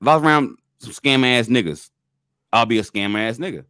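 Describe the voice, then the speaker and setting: A man's voice: mid-range voice, expressive, a little fast, pushed and bright, clean tone, no room sound, studio quality. A man co-hosting a casual talk show, speaking frankly with swearing and frequent "you know what I mean" asides. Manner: frank, profane, repeats himself in emphatic asides. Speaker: co-host. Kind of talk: casual chat.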